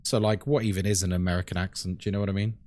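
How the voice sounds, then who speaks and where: A British streamer with a deep, mellow voice speaks very fast with fairly even intonation as he plays a horror game live. He answers chat and explains things in a chatty way, with frequent "like"s and "um"s.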